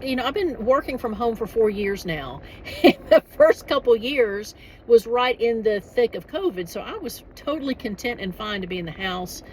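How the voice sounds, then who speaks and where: A woman's voice: mid-range voice, a little hiss or hum, poor audio. A middle-aged woman chatting casually in a vlog, rambling with frequent restarts and laughs. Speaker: author and vlogger.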